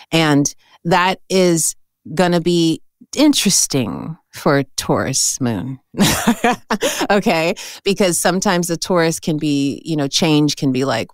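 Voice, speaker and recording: A woman hosting a casual astrology chat, reading a guest's chart in a chatty, animated way and often checking in with "okay?" and "right?". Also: low voice, no room sound, clean studio sound. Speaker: astrologer host.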